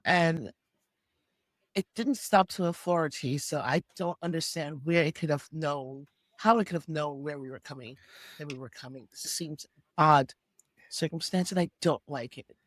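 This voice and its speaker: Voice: mid-range voice, a little slow, dry recording. Hesitant wary player, dry close mic, middling voice. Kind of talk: tabletop game play.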